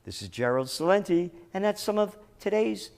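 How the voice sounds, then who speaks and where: A man's voice: high voice, big pitch swings, moderate pace, gravelly, darkish tone. A middle-aged man delivering opinionated news commentary, sarcastic and emphatic.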